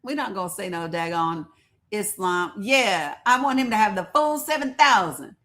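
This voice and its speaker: A woman hosting a casual live stream, talking straight to her audience in a loose, chatty way. She laughs often and calls out to viewers as she goes. Her voice sits at an ordinary middle pitch. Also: lively intonation, normal speed, a bit bright. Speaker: livestream host.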